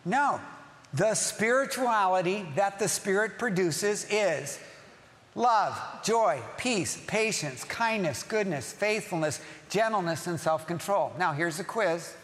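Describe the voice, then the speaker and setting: High-voiced, emphatic man preaching. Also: lively intonation, takes it slowly, a bit bright, long reverb tail. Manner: emphatic, repeats key phrases, asks the congregation questions. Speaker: pastor. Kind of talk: sermon.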